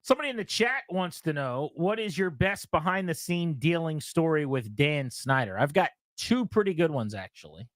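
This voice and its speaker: Male radio host, chatty storyteller, slightly high voice, dry close mic. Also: moderate pace, few pauses, dry recording. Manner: animated storyteller, acts out quotes with laughs. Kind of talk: casual sports talk storytelling.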